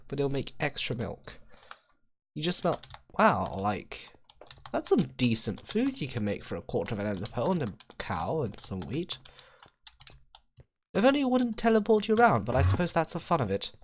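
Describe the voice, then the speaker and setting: A man's voice: mid-range voice, wildly swooping pitch, moderate pace, slight background noise. A man rambling through casual game commentary, self-mocking and swearing freely. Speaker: gaming video host.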